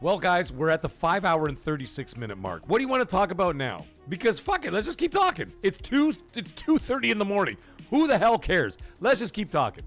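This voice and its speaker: A man hosts a late-night gaming livestream, talking loosely and swearing freely while he reads chat messages aloud and thanks viewers. His high-pitched voice moves a little fast with few pauses, animated, and faint music plays behind him.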